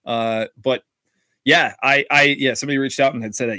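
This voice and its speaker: A young man with a Minnesotan accent co-hosting a casual podcast, animated and rambling, with lots of restarts. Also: mid-range voice, brisk, no echo. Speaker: podcast co-host.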